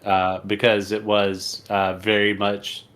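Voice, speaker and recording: A man's voice: on the low side, monotone, slow, fairly bright tone, clear, resonant tone. A middle-aged man co-hosting a podcast in casual chat, thinking aloud hesitantly. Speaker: podcast co-host.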